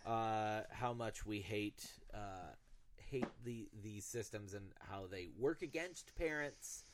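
A man in his thirties with a fairly low voice co-hosts a podcast. He tells stories loosely and animatedly, with plenty of profanity. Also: slow pace, background noise. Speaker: podcast co-host. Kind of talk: casual storytelling chat.

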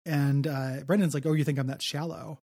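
A man's voice: a little high, steady tone, brisk, darkish tone, dry recording, studio quality. A man co-hosting a podcast, recapping a film in casual chat, joking and laughing often. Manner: laughing, joking, acts out quotes. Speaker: podcast co-host.

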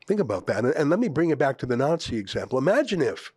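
A man's voice: mid-range voice, sing-song, fast talker, darkish tone, slightly rough, no room sound. Emphatic man hosting opinion commentary. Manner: emphatic, with sarcastic rhetorical questions. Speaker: host.

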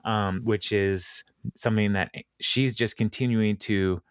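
A man hosting a podcast, retelling a TV episode in casual chat, with many ums and quick laughs. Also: fairly low pitch, fairly even intonation, clear, resonant tone, no echo. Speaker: podcast host recapping a TV episode.

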